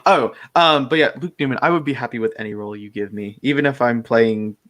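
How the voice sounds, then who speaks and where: A young man, chatting casually about fan films, laughing often and slipping into quick impressions. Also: mid-range voice, a bit bright. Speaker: fan-film actor and co-host. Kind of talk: casual chat.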